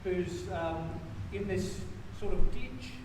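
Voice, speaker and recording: A man's voice: high voice, slow, noisy background. A man from Australia preaching a sermon as pastor, telling a personal story in a chatty way and correcting himself as he goes. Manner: anecdotal, conversational with self-corrections. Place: church. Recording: echoey church, mic from far off.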